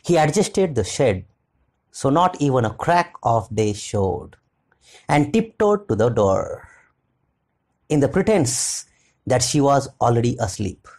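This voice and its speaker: Audiobook reader, slow and expressive, lively pitch, measured story narration. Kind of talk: audiobook narration for a literature lesson.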